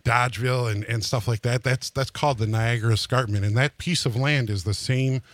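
A man's voice: mid-range voice, steady tone, fairly quick, no echo. A man co-hosting a radio show, explaining things in casual chat with a rambling, filler-heavy manner.

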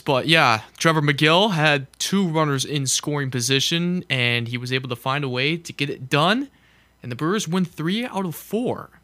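A man's voice: medium pitch, sharp tone, no echo. A man hosting a local radio show, giving a casual sports recap, joking at himself and laughing. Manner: chatty, jokes at himself and laughs. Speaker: radio host. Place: small radio studio.

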